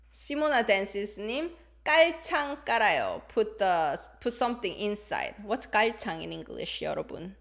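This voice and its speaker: A woman's voice: mid-range voice, lively intonation, fast talker. A woman whose first language is Korean, teaching a live online language lesson, switching between English and Korean, playful, reading out viewer comments.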